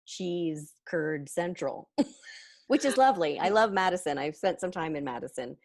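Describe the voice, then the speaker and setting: A woman's voice: fairly low pitch, lively intonation, measured pace, gravelly, darkish tone. A woman hosting a podcast interview, reading a prepared introduction and then asking questions in a friendly, chatty way. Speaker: podcast host.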